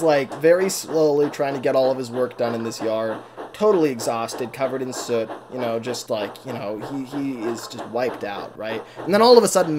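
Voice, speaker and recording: A man co-hosting a podcast, brainstorming a story in an animated, rambling way and laughing often. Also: fairly high pitch, background noise. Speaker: podcast co-host. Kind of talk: casual story brainstorming chat.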